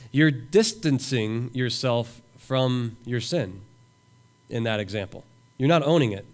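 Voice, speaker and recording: A man preaching a sermon as a pastor at a camp, reading scripture aloud and voicing imagined prayers with earnest emphasis. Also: a little high. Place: camp meeting room.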